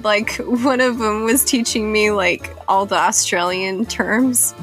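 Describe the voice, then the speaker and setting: A woman's voice: medium pitch, fairly even intonation, slow pace, fairly bright tone, soft background music. A woman hosting a casual podcast chat, who laughs often and swears freely. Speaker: podcast host.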